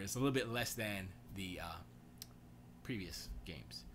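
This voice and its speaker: Male stream host, bright and sharp tone, casual slangy banter, faint background hiss. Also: on the low side, normal speed. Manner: loose, excitable, slangy rambling. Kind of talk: casual gaming and movie chat. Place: home studio.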